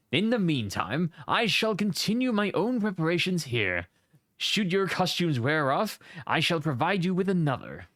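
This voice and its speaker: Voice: mid-range voice, sing-song, unhurried, fairly bright tone, no room sound, clean studio sound. A streamer reading out a pompous, theatrical male play director in a grandly formal way.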